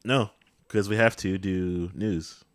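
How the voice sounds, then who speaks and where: Man, very low voice, dry measured delivery, casual co-host, close dead sound. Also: fairly even intonation, no echo. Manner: dry, measured, reads out news items. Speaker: podcast co-host. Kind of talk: casual chat.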